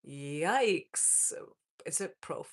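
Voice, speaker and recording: A woman in her forties with a low-pitched voice hosts a casual live stream. She reads viewer comments and answers them in an upbeat, friendly way, calling the viewers folks. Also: expressive, very slow. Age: 40s.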